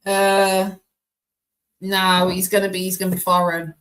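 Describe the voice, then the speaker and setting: Bright-voiced chatty woman, slang. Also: mid-range voice, monotone, measured pace, low-quality recording. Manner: chatty, addresses viewers by name, slangy. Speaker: tarot reader hosting a live stream. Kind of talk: casual live-stream chat.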